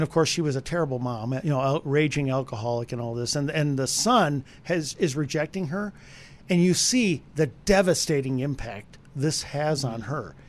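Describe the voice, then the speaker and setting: A man giving a conversational radio movie review, animated and speaking straight to the listeners. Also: a little high.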